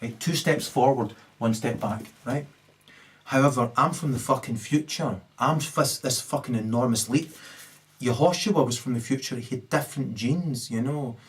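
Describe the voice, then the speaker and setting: A man delivering a rambling solo rant, swearing heavily and tagging "right?" onto his sentences, lurching from loud high bursts to low mutters. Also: normal speed. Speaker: solo video commentator.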